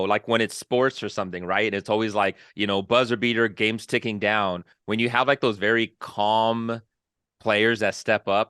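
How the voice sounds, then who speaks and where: Bright-voiced man hosting a podcast. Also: lowish voice, clear, resonant tone, no echo, studio quality. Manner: animated, laughs often. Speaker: podcast host. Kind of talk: casual chat.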